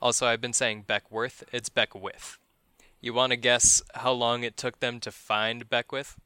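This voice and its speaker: A man's voice: mid-range voice, level tone, moderate pace, pushed and bright, clean tone, no room sound. A man hosting a podcast, telling a true-crime story as casual chat, profane and wry, chuckling at grim details.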